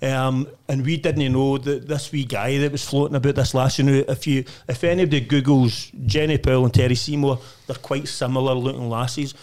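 A man's voice: medium pitch, fairly even intonation, fairly quick, hardly any pauses, a little mellow. A middle-aged man with a Scottish accent, a podcast guest swearing and chuckling his way through stories in casual chat.

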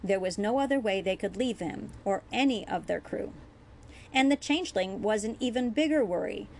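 A woman reading her own fan fiction chapter aloud in a measured, earnest storytelling voice. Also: medium pitch, expressive, creaky, darkish tone, slight background noise. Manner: measured, earnest storytelling with small self-corrections. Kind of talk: audiobook-style reading.

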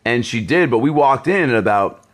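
A man hosting a podcast in casual chat, telling stories with lively swearing. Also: medium pitch, moderate pace. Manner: swearing, animated storytelling. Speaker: podcast host.

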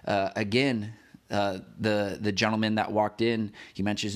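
A man's voice: fairly low pitch, level tone, moderate pace. A man hosting a devotional podcast, talking casually to the listener in a rambling way, with many fillers and restarts. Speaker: podcast host.

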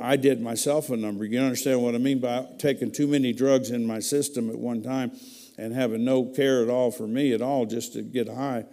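A man's voice: mid-range voice, mellow. A man preaching a personal testimony in a folksy, emotional storytelling way, speaking in a church hall. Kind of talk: testimony sermon.

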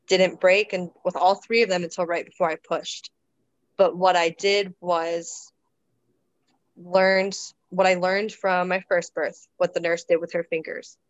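A woman with a slightly low voice talks through her experience in a relaxed, reflective way, often restarting sentences and reaching for fillers. The sound is dry and close, with a dull, lo-fi tone. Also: no room sound. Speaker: guest describing her births. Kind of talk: casual interview storytelling.

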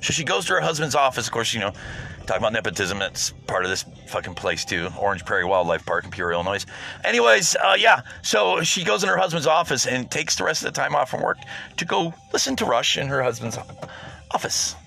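A man hosting his own low-budget podcast, ranting bluntly and profanely in a rambling, casual way. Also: big pitch swings, a little fast, gravelly, pushed and bright. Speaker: podcast host. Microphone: home podcast setup.

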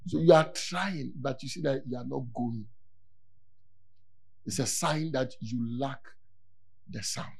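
A man preaching a sermon in an animated way, repeating key words and rising to near-shouts for emphasis. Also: a little high.

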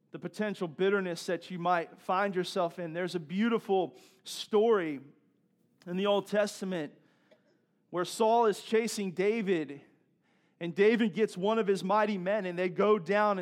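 A male pastor preaching a sermon in a conversational way, repeating himself and building to emphatic peaks. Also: high voice.

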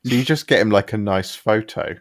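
A man's voice: on the low side, a little fast, slight background noise. A man co-hosting a podcast, talking in a hesitant, rambling way. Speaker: podcast co-host. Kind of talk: casual chat.

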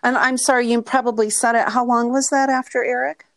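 Gentle woman interviewer, dry sound. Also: on the high side, flat delivery, brisk, no room sound. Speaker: podcast host, interviewer. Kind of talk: conversational interview.

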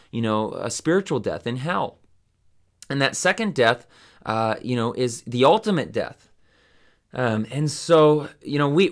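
A man with a medium-pitched, fairly bright voice hosts a Bible study podcast. His teaching is casual and rambling, full of fillers and restarts.

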